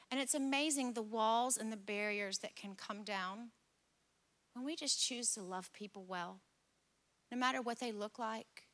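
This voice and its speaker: A middle-aged woman pastor preaching a sermon, telling a personal story with lively, acted-out dialogue. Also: on the high side. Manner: animated, acts out dialogue in stories. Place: church service.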